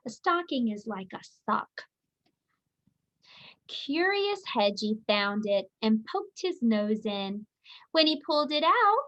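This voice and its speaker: A woman teacher reads a children's picture book aloud in a slow, clear, expressive way. Her voice sits fairly high. The recording sounds dull and lo-fi. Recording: dull lo-fi audio.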